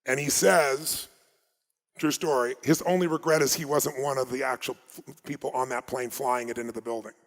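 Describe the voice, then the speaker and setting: A man's voice: medium pitch, steady tone, normal speed. Emphatic American man in a big hall. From United States. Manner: emphatic, dramatic storytelling that swings from loud to hushed. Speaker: motivational speaker. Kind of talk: motivational seminar storytelling. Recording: long reverb of a large hall.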